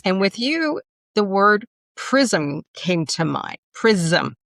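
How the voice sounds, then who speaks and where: A woman co-host with a New York accent introduces a guest warmly. Her delivery is expressive and enthusiastic, with lively emphasis. The recording is dry and close. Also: mid-range voice, slow pace, dry recording. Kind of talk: podcast introduction.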